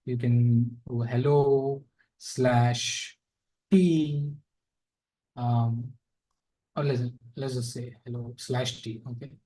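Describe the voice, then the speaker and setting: A man's voice: medium pitch, steady tone, very slow, pauses often, warm tone, rough recording. A man giving a casual live coding lesson, thinking aloud with fillers and asides. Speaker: programming instructor.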